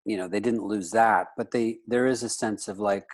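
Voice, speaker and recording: A man in his fifties from the United States chats loosely as a guest, his voice sitting slightly low. He wanders through his thoughts and keeps dropping "you know" between phrases. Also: fairly even intonation, normal speed. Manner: rambling, with frequent "you know" fillers. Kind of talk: casual interview chat.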